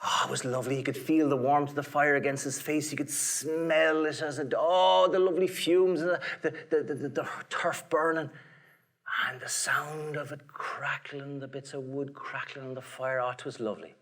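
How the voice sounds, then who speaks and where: A man with an Irish accent telling a folk tale to a live audience in a playful, theatrical way, dropping to whispers and rising to shouts. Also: on the high side, fairly even intonation, moderate pace. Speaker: storyteller. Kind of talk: animated storytelling to a live audience.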